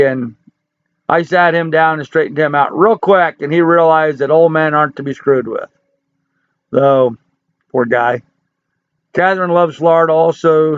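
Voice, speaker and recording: A man's voice: a little high, smooth, dry recording, phone-quality sound. A man in his sixties hosting a casual livestream, reading viewer comments and answering in a folksy, joking, chatty way. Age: 60s. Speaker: livestream host.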